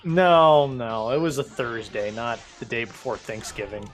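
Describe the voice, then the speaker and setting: A man's voice: mid-range voice, unhurried, soft background music. A man co-hosting a gaming video, chatting drily and explaining things at length. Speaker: co-host. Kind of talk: casual gaming chat.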